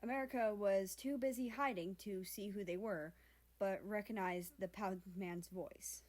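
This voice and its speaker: Woman narrating a fan story, mid pitch. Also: fairly even intonation, unhurried, darkish tone. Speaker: fan fiction reader.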